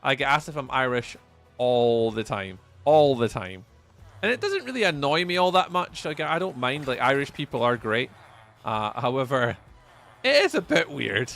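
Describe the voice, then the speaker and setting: Chatty Scottish young man, gravelly voice. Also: mid-range voice, lively intonation, normal speed, fairly bright tone. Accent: Scottish, Edinburgh area. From Scotland. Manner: chatty, reads chat aloud, repeats phrases. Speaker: livestreamer. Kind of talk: casual live-stream chat while playing.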